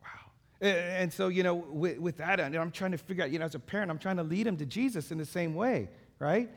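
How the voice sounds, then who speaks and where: Gravelly-voiced man preaching a casual sermon. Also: high-pitched, fast. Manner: conversational, repeats phrases, many fillers. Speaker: pastor.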